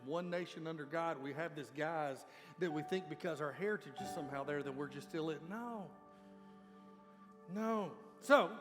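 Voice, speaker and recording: A male pastor preaching a sermon in an emphatic, conversational way with sudden loud peaks. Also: a little high. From Georgia, USA. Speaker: lead pastor. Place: church sanctuary. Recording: long reverb of a church hall with faint music.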